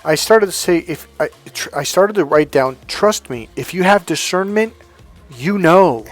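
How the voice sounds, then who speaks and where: A man giving a casual spiritual monologue as a coach, animated and self-assured, often laughing at his own points. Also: on the high side, unhurried, faint music behind.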